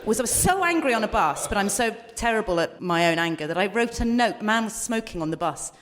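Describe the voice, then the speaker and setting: A woman's voice: mid-range voice, lively intonation, fast, crowd noise. A woman co-hosting a live comedy podcast, doing self-mocking, sarcastic stand-up on stage before an audience. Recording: live stage recording with background noise.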